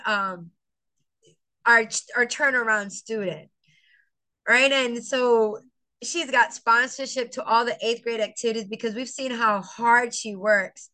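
Middle-aged teacher lady telling a story, bright voice, acts out her students, gets teary. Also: a little high, unhurried. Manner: animated, acts out quotes, tearful at times. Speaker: veteran teacher, guest. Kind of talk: emotional personal storytelling.

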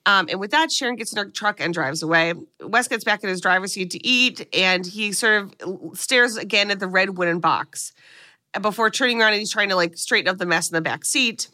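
A woman's voice: mid-range voice, fairly quick, sharp tone. A woman co-hosting a podcast, recapping a movie in casual chat and swearing freely as she tells the story.

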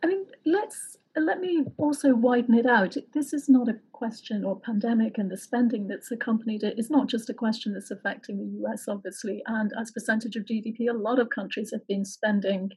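A woman hosting an interview, framing long, measured questions for her guest. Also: a little high, darkish tone, husky, poor audio. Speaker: interview host.

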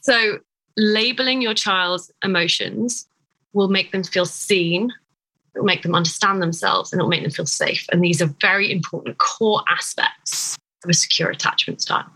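Bright-voiced woman explaining. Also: mid-range voice, moderate pace, low-quality recording. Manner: warm, expressive explainer, acts out examples. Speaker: clinical psychologist guest. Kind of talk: podcast interview, explaining.

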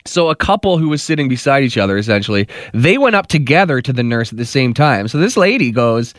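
A man co-hosting a radio show, telling a funny story in a casual, animated way. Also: medium pitch, fast talker, few pauses, no echo, studio quality. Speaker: radio co-host.

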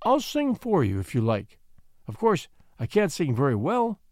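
A man voicing a shy, gentle little girl who speaks timidly and softly. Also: on the high side, huge pitch swings, normal speed, dry recording, clean studio sound. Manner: timid, soft.

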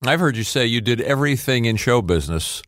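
A man's voice: medium pitch, animated, a little fast, a bit bright, no echo, studio quality. A man co-hosting a casual interview, prompting his guest with questions and repeating words as he searches for them. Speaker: podcast co-host.

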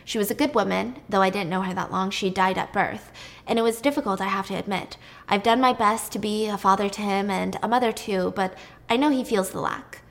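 A woman's voice: mid-range voice, steady tone, fairly quick, creaky, natural voice. Woman doing a weary craftsman dad, earnest, confiding, story retelling. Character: weary, devoted male craftsman and single father.

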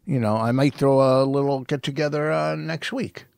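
A man's voice: medium pitch, steady tone, moderate pace, darkish tone, dry recording, clean studio sound. A middle-aged man, co-hosting a casual podcast and teasing his wife with plenty of swearing. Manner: gruff teasing, swears a lot. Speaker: podcast co-host, comedian.

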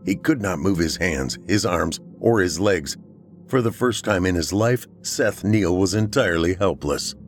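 A man narrating a horror story for a podcast in a steady storytelling manner. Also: low-pitched, measured pace, faint music behind.

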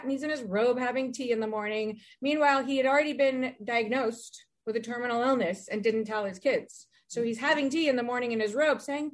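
A woman in her forties, a podcast guest chatting casually and telling rambling, animated stories with many restarts. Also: a little high, a little fast. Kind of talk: casual chat.

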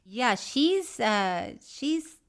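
This is a woman with a slightly high voice, co-hosting a casual podcast. She banters playfully and reads listener letters aloud. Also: sing-song, extremely slow, fairly bright tone. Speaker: podcast co-host. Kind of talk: casual chat, reading listener mail.

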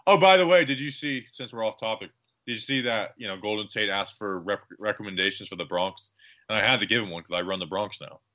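A young man co-hosts a casual sports podcast, telling stories in a rambling, joking, animated way. His voice is on the low side and he talks fast.

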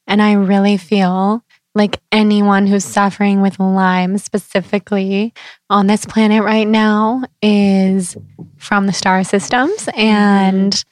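A woman's voice: medium pitch, dry recording. A woman speaking as a podcast guest in casual chat, reflective and openly spiritual.

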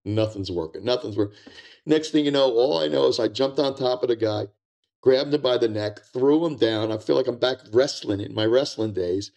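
An older American man, a retired drug agent, telling animated war stories as a podcast guest, repeating words and acting out quotes. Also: mid-range voice, moderate pace, gravelly.

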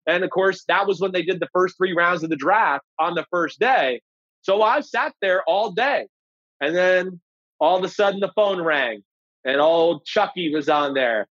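A man in his forties, a former pro quarterback, casually telling a draft story with animated, profane energy. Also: sits high, normal speed, no room sound, muffled recording. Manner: animated, profane, acts out quoted voices. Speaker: former NFL quarterback, podcast guest.

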